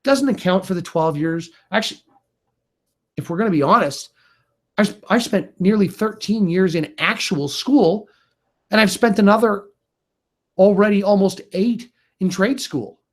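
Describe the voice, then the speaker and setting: A man's voice: high voice, normal speed. A middle-aged man delivering an angry, profane rant to camera as a video blogger, heated and exasperated.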